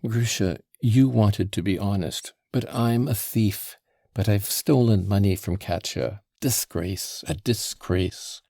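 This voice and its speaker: A man voicing a drunk, passionate young man who mutters gruffly, in an audiobook reading. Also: lowish voice, slow pace, warm tone, dry recording, clean studio sound, exaggerated voice. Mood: ashamed.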